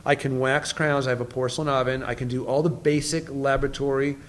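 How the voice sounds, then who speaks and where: A man's voice: medium pitch, fairly even intonation, fast talker, slight background noise. A man in his fifties, a dentist guest on a podcast interview, talking emphatically and enthusiastically and often repeating words as he starts a point.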